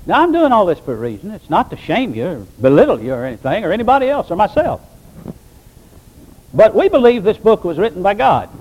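A man's voice: high-pitched, big pitch swings, fairly quick, a little mellow, slightly rough, poor audio. An older man, a pastor, preaching a sermon in a plain-spoken, folksy way and rising to emphatic exclamations.

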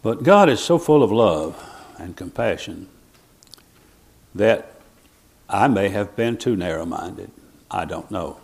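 A man's voice: medium pitch, sing-song, measured pace. A man preaching a sermon in an earnest, reflective way, with restarts and rising bursts of emphasis.

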